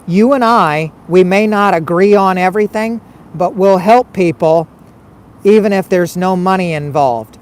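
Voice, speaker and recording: A man's voice: high voice, unhurried. A man hosting a casual livestream, reading viewer comments and arguing back with repeated rhetorical questions. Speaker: livestream host.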